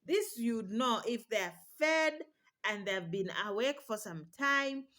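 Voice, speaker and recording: A woman's voice: fairly high pitch, lively intonation, slow pace, a bit bright. A young woman vlogging casual advice to mothers, chatty and reassuring, now and then imitating baby cries. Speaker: parenting vlogger.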